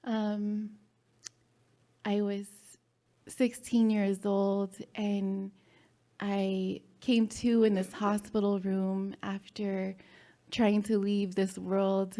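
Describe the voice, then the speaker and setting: Slow, mellow woman telling a story. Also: medium pitch. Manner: halting, with pauses and nervous laughs. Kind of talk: personal story told on stage. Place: hall before a live audience.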